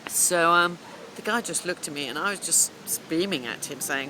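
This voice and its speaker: A woman's voice: deep voice, moderate pace, noisy background. A middle-aged woman coach telling a long, rambling story in a casual vlog, chatting away as she goes. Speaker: business coach.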